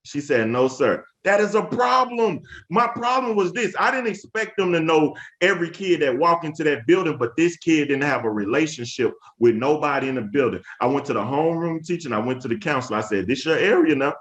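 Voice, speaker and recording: Man, thirties, emphatic storyteller, fairly high voice, webinar speaker. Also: lively intonation, a little fast, few pauses, a bit bright. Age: 30s. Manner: preacher-like, emphatic, repeats phrases, calls on the audience. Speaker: education speaker.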